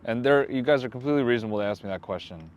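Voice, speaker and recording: A man's voice: mid-range voice, very fast, dull audio. A man who is a comedian, guesting on a podcast and riffing in a self-deprecating way. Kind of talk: casual comedic chat.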